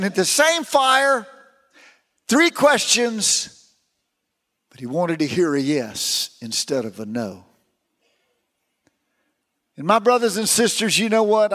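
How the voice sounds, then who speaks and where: A man preaching a sermon in a notably high voice, his words trailing off into the long reverb of a large hall. He tells his stories with rising and falling emphasis, building up and then dropping low. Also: a bit bright.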